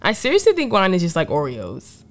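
A woman chatting casually with a co-host, her pitch rising and falling a lot. She talks loosely, trails off into fillers and swears now and then. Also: huge pitch swings, a little fast. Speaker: podcast co-host. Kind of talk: casual chat.

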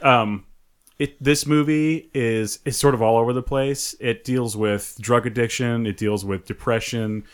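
A man co-hosting a casual chat, animated, laughing often and restarting his sentences. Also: medium pitch, measured pace, clean tone. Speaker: podcast co-host.

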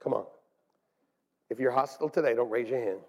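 A man preaching a sermon as pastor in a church, animated and swinging between hushed asides and shouts. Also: mid-range voice, brisk, background noise. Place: church sanctuary. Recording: long hall reverb.

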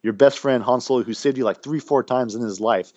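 Male podcast co-host, animated and rambling, dry dull lo-fi mic. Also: medium pitch, a little fast, no room sound. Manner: rambling, animated, restarts often. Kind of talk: casual podcast banter.

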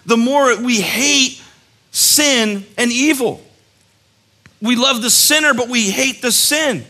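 High bright-voiced male youth preacher. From West Virginia. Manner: animated storytelling, jokey asides. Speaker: youth speaker. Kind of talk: casual sermon talk.

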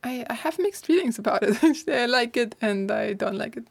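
A young woman from Germany chats through an interview, with a gravelly edge in her voice. She keeps her speech loose with lots of "like" and breaks into laughter often. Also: fairly high pitch, animated, a little fast. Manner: chatty, laughs often, many "like" fillers. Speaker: guest, author and course teacher. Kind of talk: casual interview talk.

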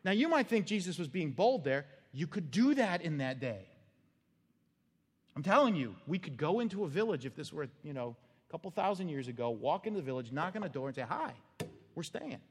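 Animated male pastor, high voice, hall reverb. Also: brisk. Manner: animated, conversational, laughs at own jokes, acts out quotes. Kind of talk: sermon.

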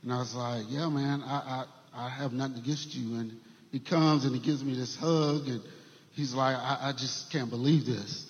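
A man sharing a church testimony story in an earnest, halting way, with many fillers and restarts. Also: medium pitch, steady tone. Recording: dull sound with long hall reverb.

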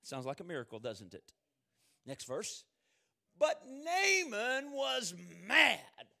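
High voiced guy preaching, loud quotes then real quiet asides. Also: huge pitch swings, takes it slowly, creaky. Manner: dramatic, swings from shouted quotes to hushed asides. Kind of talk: sermon.

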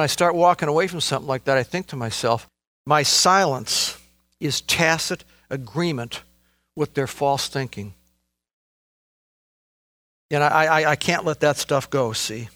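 A man preaching a sermon, emphatic, swinging between loud exclamations and low, quiet asides. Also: no echo.

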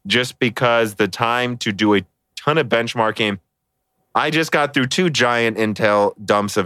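A man's voice: lowish voice, a bit bright, smooth, no echo. A man hosting a casual hardware podcast, chatty and joking, often laughing between words. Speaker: podcast host.

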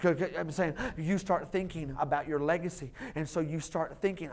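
A man preaching a sermon as lead pastor, animated and joking, acting out little voices and laughing along. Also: fairly high pitch, brisk, hardly any pauses.

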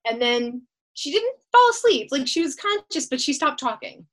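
A woman's voice: sits high, very animated, moderate pace, a bit bright, rough recording. A woman telling a long story as a podcast guest, laughing often as she talks. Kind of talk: casual storytelling.

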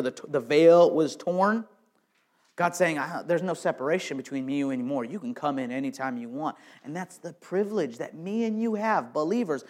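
A man with a fairly high voice preaches a sermon. He swings from near-whispered lines to loud, emphatic bursts and often repeats words as he restarts a thought. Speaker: pastor.

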